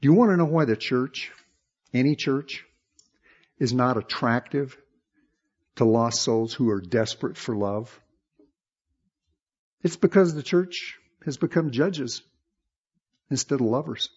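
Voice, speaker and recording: A man's voice: mid-range voice, expressive, measured pace, long pauses, darkish tone, husky, dull audio. A man preaching a sermon, with emphatic rises and rhetorical questions. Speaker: pastor.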